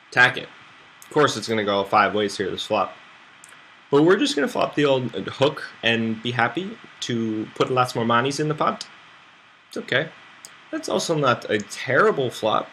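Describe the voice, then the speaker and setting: A man's voice: medium pitch, pushed and bright, slight background noise. A man from the United States streaming online poker, rambling and thinking aloud about his hands with self-mocking asides. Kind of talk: live game commentary.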